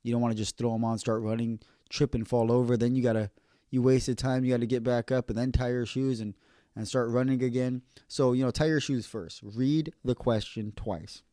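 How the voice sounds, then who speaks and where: A man who works as an electrician, giving casual, earnest advice on passing an exam, slowing down to repeat key points. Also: mid-range voice, level tone, mellow, no room sound, studio quality. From California.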